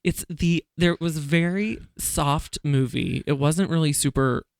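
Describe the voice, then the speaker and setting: A male podcast host in casual chat, with a somewhat high voice. He tells stories with lively energy and breaks into laughter often. The sound is dry and close. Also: unhurried, clear, resonant tone, no echo. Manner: laughs often, animated storytelling.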